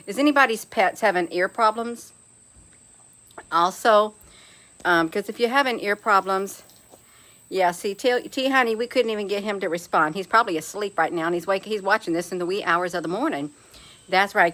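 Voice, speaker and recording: A woman's voice: medium pitch, fairly bright tone. Middle-aged woman host, folksy and chatty, addresses live viewers as honey, laughs easily. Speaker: livestream host reading viewer comments. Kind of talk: casual live chat.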